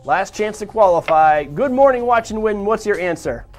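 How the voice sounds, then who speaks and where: A man's voice: high-pitched, lively intonation, moderate pace, faint music behind. A man hosting a live morning show, upbeat and chatty, with rambling asides.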